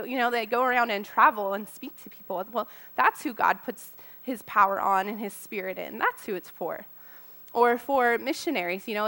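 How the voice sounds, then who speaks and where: A woman's voice: fairly high pitch, bright, forceful tone. A woman in her thirties giving an earnest, personal sermon to mothers, talking casually and laughing often. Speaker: speaker to mothers. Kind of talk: conversational sermon.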